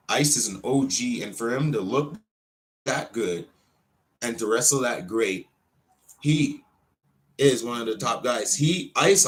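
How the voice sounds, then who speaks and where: A wrestler hosting his own show, ranting in an unscripted way, full of swearing, with sudden loud outbursts that drop back to muttering. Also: medium pitch. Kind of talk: unscripted profane rant.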